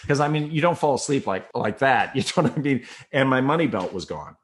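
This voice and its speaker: A man's voice: medium pitch, a little fast. Middle-aged man telling a rambling story. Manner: rambling, animated retelling with quoted inner thoughts. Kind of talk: personal storytelling.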